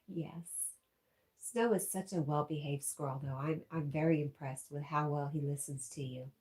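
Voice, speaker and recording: A woman's voice: sits low, a little slow, pauses often, a little mellow. A woman hosting a casual livestream, reading out viewer comments and laughing often. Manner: giggly, reads out chat messages. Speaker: livestream host.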